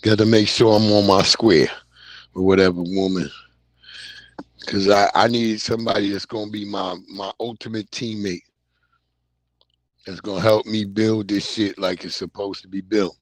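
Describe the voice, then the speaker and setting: A man's voice: fairly low pitch, little pitch movement, normal speed, long pauses, no echo. A man in his thirties or forties hosting a livestream, talking loosely and casually with plenty of slang as he reacts to chat comments. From New York (Long Island). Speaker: livestream host.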